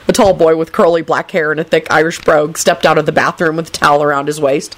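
A woman's voice: deep voice, fairly even intonation, fast, hardly any pauses. A woman reading a story aloud, narrating expressively.

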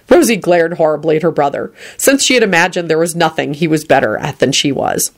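Woman, story reading, animated pitch, expressive telling. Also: a little fast, few pauses. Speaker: reader.

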